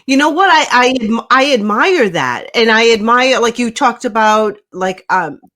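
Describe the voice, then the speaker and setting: A woman co-hosting a podcast, speaking casually and haltingly, with many restarts as she shares her own thoughts. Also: a little high, lively intonation, fairly bright tone, a little hiss or hum. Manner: supportive listener, short reactions, halting when she talks. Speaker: podcast co-host. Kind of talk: casual chat.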